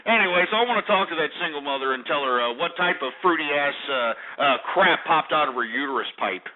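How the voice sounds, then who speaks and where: A man's voice: on the high side, lively intonation, brisk, hardly any pauses. A man hosting a call-in radio show, ranting with profanity and insults at callers. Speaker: radio talk show host. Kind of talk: call-in talk radio rant. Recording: tinny phone-like radio archive.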